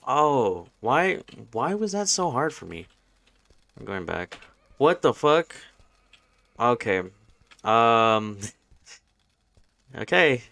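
A man's voice: mid-range voice, sing-song, extremely slow, vocal fry, long pauses, bright, forceful tone. A young man giving nervous, swearing commentary while playing a horror game. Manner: jumpy, swearing, nervous chatter. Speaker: gaming YouTuber.

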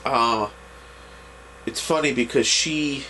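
A man's voice: medium pitch, slow, sharp tone, slight background noise. A man giving a casual, rambling recap of an anime episode, full of restarts and fillers. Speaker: anime reviewer.

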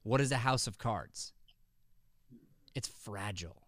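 A man's voice: fairly low pitch, a little slow, a bit bright, no echo, studio quality. A man who teaches acting gives friendly, coaching feedback to a student over a video call, often restarting his sentences.

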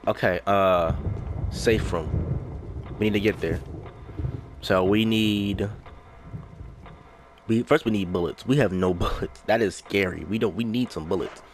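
A man's voice: on the low side, unhurried, long pauses, a little hiss or hum. A young man playing a horror game, talking to himself and repeating lines as he goes, breaking into panicked yelps when danger hits. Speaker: gaming YouTuber. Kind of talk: let's play commentary.

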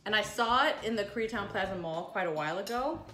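A woman's voice: mid-range voice, animated, quick pace, bright, forceful tone, reverberant, soft background music. A woman hosting a casual food review vlog, chatty and joking, teasing herself as she tastes. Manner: chatty, joking, self-deprecating.

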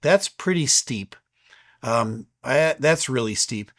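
A man in his fifties, an airline captain, answers viewer questions in a relaxed, explanatory chat with frequent fillers. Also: mid-range voice, takes it slowly.

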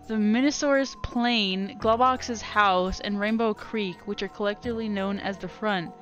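A young woman giving casual commentary while she streams a game, animated and quick to laugh. Her voice is bright and forceful, with faint music underneath. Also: mid-range voice. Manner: animated, laughs often, chats with viewers.

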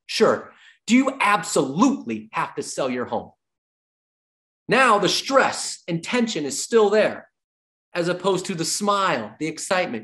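A man coaching real estate agents with plenty of energy, his pitch swinging widely up and down. He drills his key points over and over and slips into playing both sides of short client conversations. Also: normal speed. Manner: animated, acts out little dialogues with clients. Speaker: real estate sales trainer. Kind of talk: energetic sales training talk.

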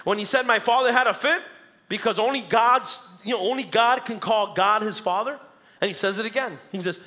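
A man preaching a sermon as pastor, animated, acting out the crowd and dropping low and soft for scripture. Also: a little fast. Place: church sanctuary.

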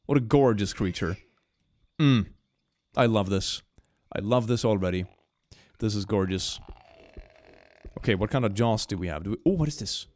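Streaming a game, this man keeps up a casual, excitable commentary that swings from gushing to mumbling, with frequent laughter. His voice is lowish and the recording has no room sound.

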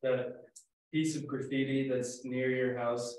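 A man's voice: mid-range voice, little pitch movement, measured pace, darkish tone, very echoey, poor audio. A man in a class, making wry offhand remarks to the teacher. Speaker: student. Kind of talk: classroom banter.

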